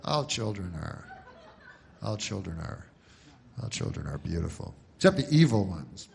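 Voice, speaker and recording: A man doing stand-up comedy, deadpan and rambling, with many asides and restarts. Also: sits low, normal speed, creaky, slight background noise.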